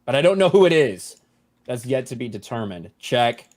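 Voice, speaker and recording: A man's voice: medium pitch, sing-song, moderate pace, darkish tone. A man hosting a live stream, introducing guests with loose, profane jokes. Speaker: host. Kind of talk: casual live stream chat. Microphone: headset.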